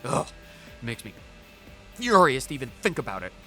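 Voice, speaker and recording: A man's voice: mid-range voice, sing-song, brisk, faint music behind. A man reading an angry young mech pilot. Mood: furious. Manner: exasperated, loud ranting. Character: hot-headed young male mech pilot, aggrieved.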